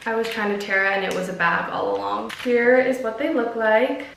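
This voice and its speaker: A woman's voice: a little high, steady tone, a little fast, vocal fry, roomy sound, recorded from a distance, background noise. A young woman vlogging at home, chatting casually to her viewers and getting nervous and jittery as she talks. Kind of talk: casual tutorial vlog. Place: room at home.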